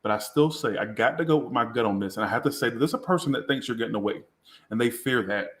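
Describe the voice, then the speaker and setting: A tarot reader with a somewhat bright, medium-pitched voice speaks at a quick pace in a live session. He sounds tipsy and rambles crudely with self-mockery, while the space adds a roomy echo.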